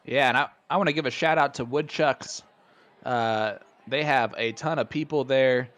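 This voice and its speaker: A man's voice: mid-range voice, normal speed. Chatty Hoosier darts commentator man. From Indiana. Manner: chatty, laughs often, excitable. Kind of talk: live sports commentary.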